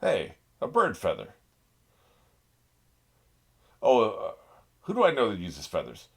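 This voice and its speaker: A man's voice: mid-range voice, huge pitch swings, a little slow, creaky, long pauses, a bit bright, husky. A man reacting to an anime episode in casual commentary, getting worked up, laughing often and swearing at the characters on screen. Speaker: reaction channel host.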